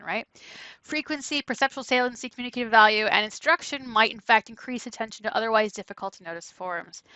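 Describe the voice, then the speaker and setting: A woman lecturer giving a conversational classroom lecture, often checking in with "right?" and breaking into animated asides. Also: on the high side, smooth, no room sound, rough recording. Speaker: university lecturer.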